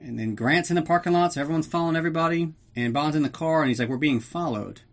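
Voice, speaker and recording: A man hosting a podcast, recapping a movie in a loose, profane, joking way. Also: on the high side. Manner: profane, jokey, does quick voices for characters. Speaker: podcast host. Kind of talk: casual comedic movie recap.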